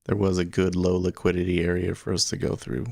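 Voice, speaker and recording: A man's voice: low voice, completely flat delivery, brisk, gravelly, dark tone, no room sound, studio quality. A man hosting a day trading livestream, chatting casually and thinking aloud with frequent chuckles. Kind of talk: casual live trading commentary.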